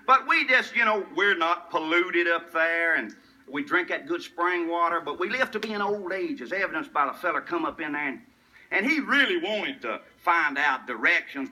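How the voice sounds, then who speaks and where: A man's voice: fairly high pitch, lively intonation, normal speed, pushed and bright, low-quality recording. An older man with a rural West Tennessee accent, telling folksy tall tales and chuckling at his own punchlines. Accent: Southern US, rural West Tennessee. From Tennessee, USA. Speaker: storyteller. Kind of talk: folksy humorous storytelling.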